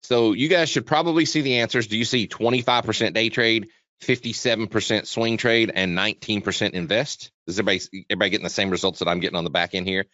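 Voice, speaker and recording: Low-voiced guy running a trading webinar, energetic and chatty, dry dull audio. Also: dry recording. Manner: energetic, chatty, rapid with restarts. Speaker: webinar host, trading educator. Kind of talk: live webinar presentation.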